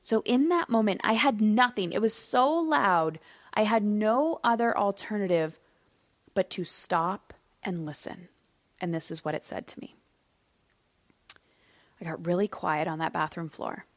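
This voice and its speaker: A woman hosting a solo podcast, speaking in a candid, conversational way at a middle pitch. She slows down to stress key points. The recording is dry and close, with no room sound around her voice. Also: no echo. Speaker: podcast host.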